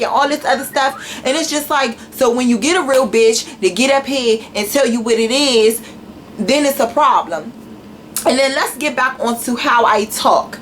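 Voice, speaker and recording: Young woman, Washington D.C. accent, slangy and profane, blunt camera rant, a bit high-pitched, faint room hum. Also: normal speed, low-quality recording. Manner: blunt and profane, with a slangy mixed urban delivery. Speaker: YouTuber.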